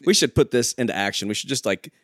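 Mid-pitched joking man with a lively voice. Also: quick pace, no room sound, clean studio sound. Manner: joking, laughs a lot, tells work stories from the road. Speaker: podcast co-host. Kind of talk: casual chat.

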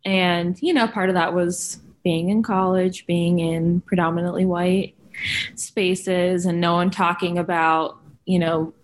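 A woman's voice: fairly low pitch, flat delivery, a little slow. A young woman who is a guest on a podcast, talking casually and reflectively, with many fillers. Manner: reflective, lots of fillers, acts out quoted reactions. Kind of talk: casual conversation.

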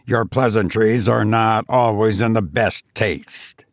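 A man's voice: fairly even intonation, takes it slowly, no echo, clean studio sound. A man voicing a stern, short-tempered man who speaks bluntly and with restraint. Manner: blunt, curt, low and restrained.

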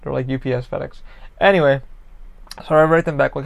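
A man's voice: on the high side, fast, vocal fry. A man, a podcast host from the Orlando, Florida area, rambling casually and profanely about a frustrating order, with lots of fillers.

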